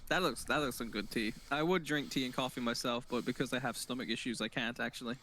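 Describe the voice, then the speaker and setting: A man's voice: mid-range voice, fast, a bit bright, a little hiss or hum. A man guest in a casual podcast chat, laughing often and hesitating with lots of fillers. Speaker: streamer guest.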